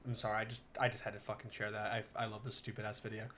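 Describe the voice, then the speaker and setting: A woman's voice: very deep voice, flat delivery, very fast, heavy background noise. A woman streamer reading a visual novel aloud, chatting in giggly, profane, self-mocking asides.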